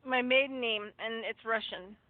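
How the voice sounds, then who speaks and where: A woman's voice: on the high side, normal speed, no room sound. Easygoing woman guest who laughs a lot, on a dry, tinny call line. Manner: laughs easily, relaxed and friendly. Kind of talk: casual interview chat. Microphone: phone or computer call.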